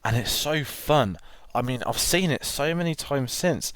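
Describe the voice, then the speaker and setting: A man's voice: medium pitch, animated, measured pace, a bit bright, dry recording. A man co-hosting a film podcast, chatting enthusiastically and rambling with restarts. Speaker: podcast co-host. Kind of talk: casual film chat.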